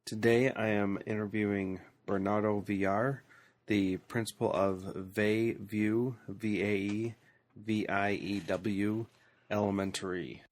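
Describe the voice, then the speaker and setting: A man hosting an education podcast with a cold that has made his voice deeper, introducing his guest and reading a sponsor message in a friendly, plain way. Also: flat delivery, slow. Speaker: podcast host interviewing a principal. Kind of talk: podcast intro and interview questions.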